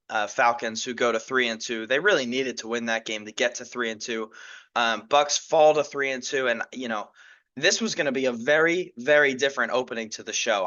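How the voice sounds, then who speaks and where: A man's voice: medium pitch, a bit bright, highs cut off. A young man hosting a solo sports podcast, chatting casually and rambling with lots of fillers and restarts. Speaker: podcast host.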